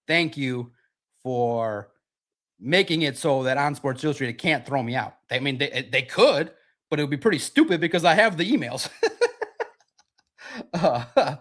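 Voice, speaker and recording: A man in his forties with a fairly high voice, riffing in a loose livestream monologue. He is brash and boastful, swears freely and gets worked up easily. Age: 40s. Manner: brash, profane, boastful, excitable. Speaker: sports podcast host.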